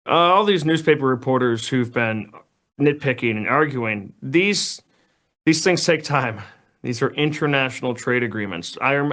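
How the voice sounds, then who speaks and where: A man's voice: mid-range voice, a bit bright. A man speaking as a guest commentator, giving opinionated political analysis in a conversational way with frequent restarts. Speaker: news editor guest.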